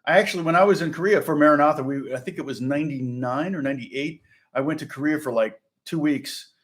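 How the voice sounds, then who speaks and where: A man's voice: fairly high pitch, quick pace. A middle-aged man from Indiana, a guitar teacher rambling through a casual lesson chat, chuckling and restarting often. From Indiana, USA.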